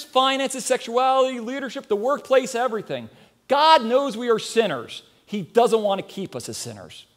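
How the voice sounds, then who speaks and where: Lively high-voiced preacher man. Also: normal speed. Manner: earnest, questioning the congregation, storytelling. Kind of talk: sermon.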